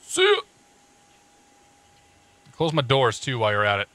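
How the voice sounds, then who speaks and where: A man's voice: mid-range voice, fast talker, fairly bright tone, no room sound. A man casually talking through cockpit checklists on a live stream, joking and greeting chat viewers as he goes. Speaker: flight sim streamer.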